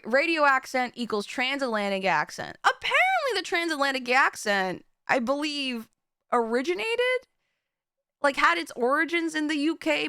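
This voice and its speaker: Woman streamer, high bright voice, giggly, rambles and trips over her words. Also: no echo, studio quality. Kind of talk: casual live-stream chat.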